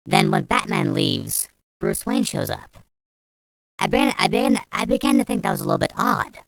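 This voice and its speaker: A woman's voice: mid-range voice, expressive, moderate pace, no room sound. A young woman telling a story as a vlogger, ranting angrily and swearing a lot, rambling with restarts. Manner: angry, profane, rambling with restarts. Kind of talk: storytime rant.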